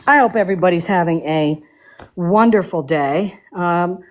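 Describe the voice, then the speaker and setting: Woman, livestream host, casual chat, lots of ums, playful, lower pitch. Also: moderate pace, slight background noise. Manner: hesitant, many fillers, playful and laughing. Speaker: livestream host refinishing furniture.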